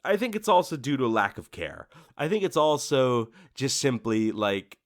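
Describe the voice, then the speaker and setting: A man's voice: medium pitch, moderate pace. A man hosting a solo podcast, ranting casually and acting out what customers think to themselves. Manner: ranting, animated, acts out customers' inner voices. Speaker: podcast host. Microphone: studio microphone.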